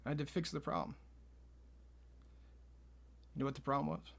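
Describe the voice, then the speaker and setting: A man co-hosting a podcast, telling an absurd story in a deadpan, straight-faced way. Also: mid-range voice, moderate pace, gravelly, a little hiss or hum. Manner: deadpan, spins absurd tall tales with a straight face. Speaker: podcast co-host.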